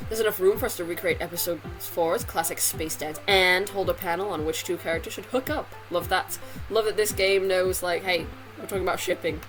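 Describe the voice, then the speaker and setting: A woman's voice: fairly low pitch, fairly quick, music in the background, low-quality recording. A woman playing a mobile game, reading its dialogue aloud and adding chatty, rambling asides in a casual let's-play. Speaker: gamer.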